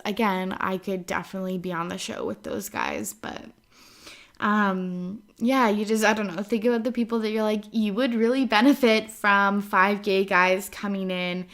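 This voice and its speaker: A woman's voice: mid-range voice, a bit bright. A young woman from Canada hosting her own podcast, chatting casually with lots of filler words and casual swearing. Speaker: podcast host. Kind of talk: casual solo podcast chat.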